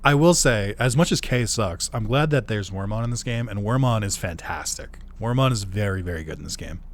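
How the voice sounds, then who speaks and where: A young man doing casual let's play commentary, excitable, laughing often and swearing freely. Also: lowish voice, a little fast, slight background noise.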